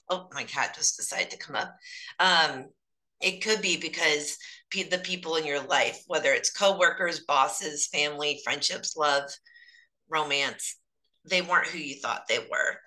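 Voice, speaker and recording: A woman's voice: low voice, bright, forceful tone, rough recording. A woman giving a casual, chatty tarot reading on a live stream, her voice strained from overuse. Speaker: tarot reader.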